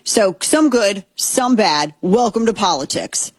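Husky-voiced woman commenting on politics. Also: mid-range voice, animated, slow, dry recording. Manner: rambling and opinionated, with frequent restarts.

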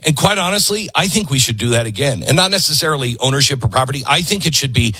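Sarcastic, bright-voiced male commentator. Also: mid-range voice, fast, few pauses, slightly rough, no room sound. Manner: sarcastic, animated, mocking asides. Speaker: commentary show host. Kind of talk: opinionated political commentary.

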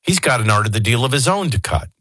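A man's voice: medium pitch, very animated, fast talker, a bit bright, husky, no room sound. A man hosting a talk radio show, speaking in a conversational, digressive way with folksy asides, into a studio microphone. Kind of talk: casual talk radio commentary.

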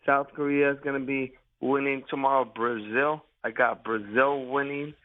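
A man's voice: medium pitch, steady tone, no room sound. Under-the-weather male caller on the phone. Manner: eager, quick with his picks. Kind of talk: call-in radio chat. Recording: tinny phone line.

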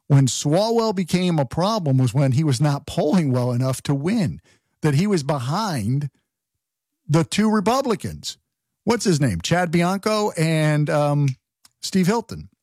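A man holds forth on his talk radio show, firing off rhetorical questions and restarting sentences as he goes. His slightly high voice swings up and down in pitch. The studio sound is close and dry. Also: darkish tone, no echo. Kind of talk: political talk radio monologue.

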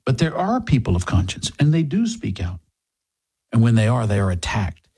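A man's voice: medium pitch, wildly swooping pitch, normal speed, dark tone, slightly rough. A man hosting a talk radio show, delivering an emphatic, sarcastic monologue and a live sponsor read. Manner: emphatic, sarcastic, rising to indignant peaks.

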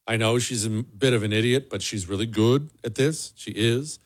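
A man's voice: mid-range voice, moderate pace. A man hosting a political commentary show, delivering a sarcastic, emphatic solo monologue with a lot of repetition. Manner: sarcastic, emphatic, repeats for effect.

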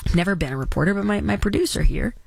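A female talk radio host who swings her pitch all over the place as she riffs sarcastically. Her voice is a little husky and sounds dry and close to the mic. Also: lively intonation, rapid-fire, no room sound. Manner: sarcastic, mock-dramatic. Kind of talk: casual opinionated chat.

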